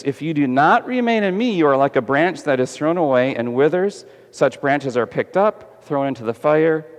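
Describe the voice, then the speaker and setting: A fairly high-voiced man preaches to his congregation, lively and full of questions for the kids. His voice rings with a long reverb through a large church sanctuary. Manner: animated, asks the congregation questions. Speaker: pastor. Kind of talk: sermon. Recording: echoey church hall.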